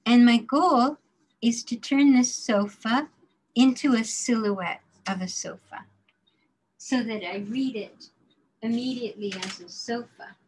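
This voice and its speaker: A woman teaching a drawing class, explaining slowly and carefully while she demonstrates, now and then murmuring to herself as she works. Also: fairly high pitch, a little hiss or hum, poor audio. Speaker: design drawing instructor.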